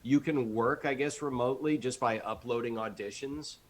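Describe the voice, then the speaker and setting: A man's voice: mid-range voice, normal speed, slight background noise. A man, a voice actor, giving earnest advice in a casual panel chat. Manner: earnest, advising.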